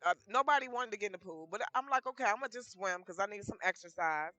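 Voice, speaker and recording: A woman's voice: mid-range voice, fast, no room sound. A woman casually telling her life story, acting out quoted back-and-forth dialogue as she goes. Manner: lively retelling full of quoted dialogue.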